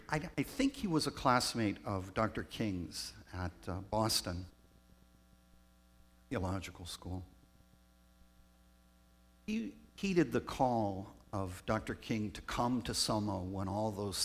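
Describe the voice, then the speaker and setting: A man, a pastor raised in Southern California, telling personal stories in a reflective sermon with pauses. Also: lowish voice, a bit bright. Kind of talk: storytelling sermon.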